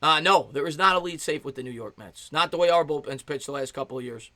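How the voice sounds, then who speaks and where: Man in his thirties, fan-streamer play-by-play caller, bright and close-miked, chatty between pitches. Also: fast talker, few pauses, no room sound. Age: 30s. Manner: excited fan calling pitches, thanks chat viewers. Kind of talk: live play-by-play commentary with chat replies.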